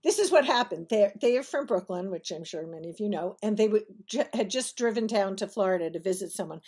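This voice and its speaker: A woman's voice: medium pitch, lively intonation, fast, darkish tone, slightly rough. A woman telling a personal story to her audience in a chatty, digressive way, often laughing through her punchlines. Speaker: vlogger telling personal stories. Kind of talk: casual storytelling to camera.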